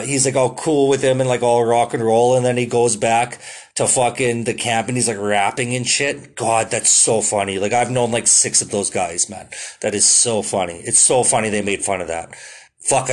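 A young man hosting his podcast, talking casually and excitedly, full of swearing and "dude" and "like". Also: mid-range voice. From Canada. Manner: profane, excitable, drawn-out "dude" and "like" fillers. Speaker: podcast host. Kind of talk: casual solo podcast monologue.

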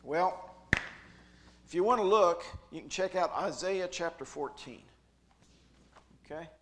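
A man speaking at a youth retreat, preaching a jokey, animated sermon with big swings in loudness. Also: high-pitched, measured pace.

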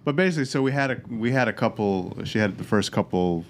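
A father speaking haltingly in casual chat, often restarting his sentences. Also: on the low side, expressive, a little hiss or hum. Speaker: father of a son.

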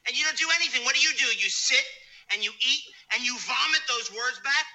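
An actor playing a furious middle-aged chef who rants at a food critic, shouting and swearing with wounded pride. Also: male voice, very high voice, a little fast, heavily acted, rough recording. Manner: shouting, profane, wounded tirade. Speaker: chef in a film scene.

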